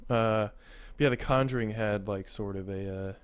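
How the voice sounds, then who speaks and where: A man's voice: lowish voice, normal speed, smooth, no room sound. A man co-hosting a podcast in casual chat. He jokes around, swears, and fills his talk with "like" and "you know". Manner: joking, profane, uses many fillers. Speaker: podcast co-host.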